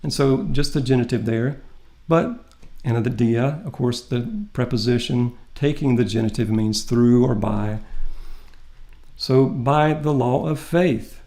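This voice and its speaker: A man's voice: medium pitch, warm tone. A man teaching a recorded Greek lesson, working through the grammar step by step in a methodical, patient way. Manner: methodical, explains step by step with pauses. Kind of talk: recorded lecture walking through a text.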